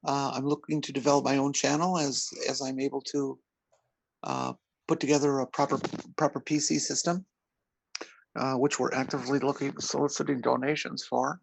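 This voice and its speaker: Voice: medium pitch, normal speed, vocal fry, slight background noise, poor audio. A podcast guest chatting casually who hesitates and often repeats words. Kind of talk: casual chat.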